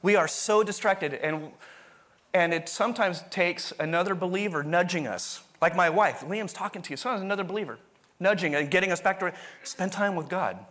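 A man's voice: high-pitched, normal speed, fairly bright tone. A man preaching a sermon in a conversational, rambling way, often restarting his sentences. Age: adult, continuing university studies. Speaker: pastor.

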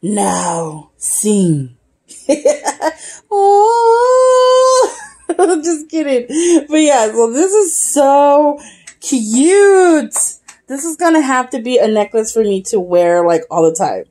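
A young woman vlogging casually while unboxing a gift, excitable and gushing, often breaking into giggles. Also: sits high, takes it slowly. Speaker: YouTube vlogger. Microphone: camera, face not shown.

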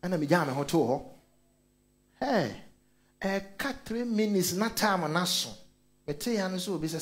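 A Ghanaian man preaching a sermon, switching between Twi and English and telling animated stories with frequent calls of hallelujah. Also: high voice, moderate pace. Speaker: pastor.

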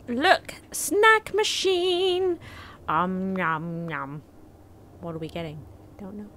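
A woman giving chatty, excitable commentary on her game, thanking viewers as she opens gifts. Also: lowish voice. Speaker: gaming YouTuber. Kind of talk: casual gameplay commentary. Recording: faint background game music.

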